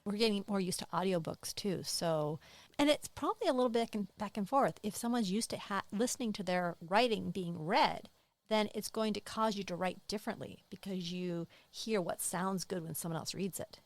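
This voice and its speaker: A woman's voice: mid-range voice, moderate pace, dry recording. A woman co-hosting a writing podcast, speaking thoughtfully and analytically in casual chat. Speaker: podcast co-host.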